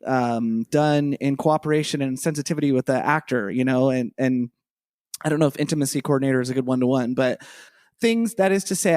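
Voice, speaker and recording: In a casual podcast chat, a male co-host with a medium-pitched, darkish voice goes on in a rambling, enthusiastic way, leaning heavily on fillers like "you know." The sound is studio quality with no room sound.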